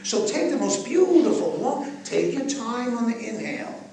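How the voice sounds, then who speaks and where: A man's voice: extremely high pitch, moderate pace, creaky, slight background noise. Older man teaching breathwork, echoey far mic. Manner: animated, guiding the crowd through breathing. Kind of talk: live workshop talk to an audience. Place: live event venue.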